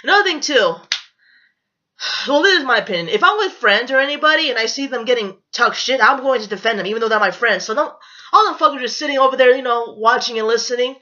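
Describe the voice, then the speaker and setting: A woman's voice: fairly high pitch, expressive, fast talker, bright, forceful tone. A young woman telling a storytime vlog in a blunt, profane, confrontational way, on dull lo-fi audio. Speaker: vlogger. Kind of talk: storytime rant.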